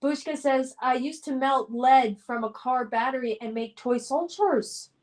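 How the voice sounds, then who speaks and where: A woman's voice: high-pitched, a little slow, hardly any pauses, darkish tone. A middle-aged woman hosting a live stream. She reads viewer comments aloud and chats back in a nostalgic, upbeat way, with frequent fillers. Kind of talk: casual live-stream chat.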